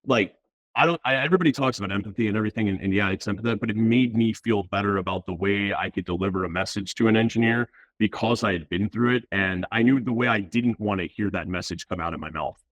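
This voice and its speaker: Low-voiced man, casual and relaxed. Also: fast. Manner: relaxed, uses slang and filler words. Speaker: VP of platform engineering, guest. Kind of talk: casual interview chat.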